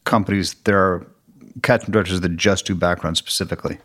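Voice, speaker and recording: A man co-hosting a podcast, speaking in a relaxed, matter-of-fact casual chat. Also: low voice, fast talker, slightly rough. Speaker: podcast co-host, actor.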